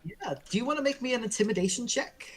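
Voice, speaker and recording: A man narrating as dungeon master in a casual, halting way with many fillers. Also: very high-pitched, animated, fairly bright tone. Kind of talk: narrating a tabletop game.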